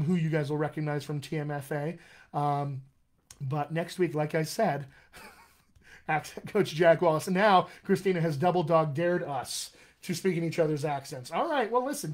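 Chatty American man, higher-pitched voice. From United States. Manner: chatty, rambling, addresses viewers by name. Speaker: dialect coach and live-stream host. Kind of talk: casual live-stream chat to viewers.

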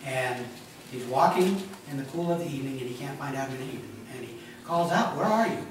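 A man giving a sermon as pastor, animated and joking in a conversational way. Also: medium pitch, a little fast, noisy background. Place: church sanctuary. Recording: echoey church hall from a distance.

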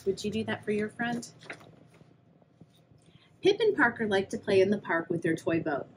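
A woman's voice: medium pitch, lively intonation, normal speed, slight background noise, poor audio. A young adult woman, a children's librarian, reading a picture book aloud and asking the young listeners questions. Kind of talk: read-aloud storytime for kids.

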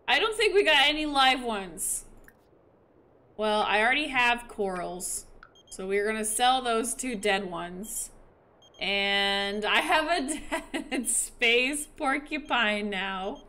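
A woman with a fairly high voice chats her way through a video game for her viewers. She speaks at an unhurried pace, playful and quick to poke fun at herself. It sounds like casual let's-play commentary. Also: expressive, pushed and bright. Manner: chatty and playful, joking at herself; talks to her viewers while playing. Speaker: game streamer.

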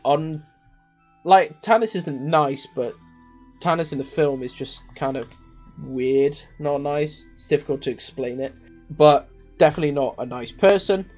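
A young man hosting a gaming channel, giving an unscripted, exasperated film review full of swearing and rhetorical outbursts. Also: fairly high pitch. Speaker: video game channel host.

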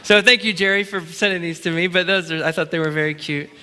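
A man's voice: high voice, fairly even intonation, fast, sharp tone, a little hiss or hum. A middle-aged man preaching as pastor in a large church, chatty and playful, breaking into short laughs. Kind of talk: sermon. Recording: long church hall reverb.

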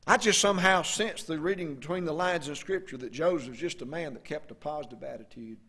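Man preaching, folksy, bright edge to his voice, asks the crowd stuff. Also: on the high side, breathy edge. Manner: folksy, questions the congregation, reads scripture slowly and loudly. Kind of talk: sermon.

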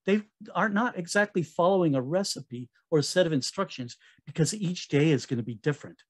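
A man giving a conference talk in a relaxed, conversational way, with fillers and self-corrections. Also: a little high, a little fast, breathy edge. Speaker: conference speaker.

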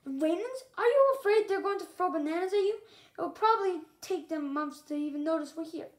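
A woman reading aloud and voicing a sharp-tongued young female dragon who talks back to her elders. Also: very high voice, animated, brisk, roomy sound, pitched above the performer's own voice. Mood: defiant. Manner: spitting, defiant.

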